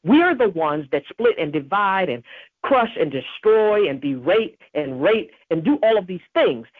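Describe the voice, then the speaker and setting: A woman with a husky, breathy voice preaches a devotional message with earnest emphasis, weaving in scripture. The sound is dry and narrow, like a phone line. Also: lowish voice, very animated, a little slow, dry recording. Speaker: podcast host.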